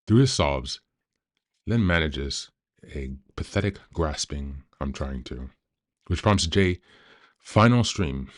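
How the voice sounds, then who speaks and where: Man, extremely low voice, calm, measured, reads a book aloud, podcast host.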